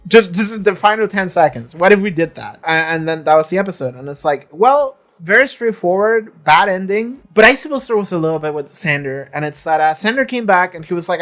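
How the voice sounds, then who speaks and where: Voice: mid-range voice, expressive, normal speed, a bit bright, soft background music. A reaction video creator in casual commentary, chatty and swearing freely, now and then acting out characters' lines.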